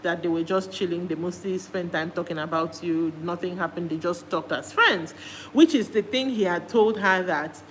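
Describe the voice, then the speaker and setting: Nigerian woman vlogging, chatty retelling, gets loud and squeaky when excited, bit of hiss. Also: moderate pace, poor audio. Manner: animated, jumps to high exclamations when retelling. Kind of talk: casual chatty storytelling.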